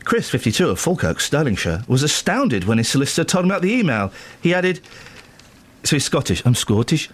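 Animated, jokey male radio host. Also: medium pitch, fairly quick, breathy edge. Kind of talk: casual radio chat.

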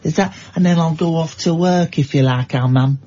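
A small mill child from the North of England whines and begs his mam, voice pitched high and a little husky, as a male radio host puts him on. The sound is slightly dull, like a broadcast studio feed. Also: moderate pace, mellow, natural voice. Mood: whiny pleading. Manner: whiny, repetitive begging. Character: poor nine-year-old Northern mill child, pleading.

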